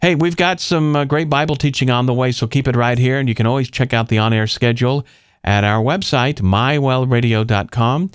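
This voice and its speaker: A man's voice: medium pitch, brisk, dry recording, clean studio sound. A man hosting a Christian radio show, giving an upbeat announcement. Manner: upbeat, smooth announcer delivery. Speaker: radio host.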